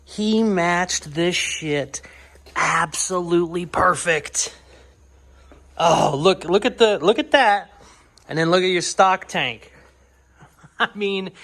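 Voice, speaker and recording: A young man chatting casually in a garage vlog, excited, laughing often and swearing casually. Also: high-pitched, slow pace, long pauses. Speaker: custom car builder and YouTuber.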